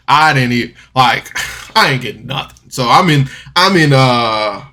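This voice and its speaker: A man's voice: medium pitch, expressive, unhurried, bright, forceful tone. A man telling a personal story to camera in a rambling, candid way, with frequent restarts and rueful laughs. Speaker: vlogger.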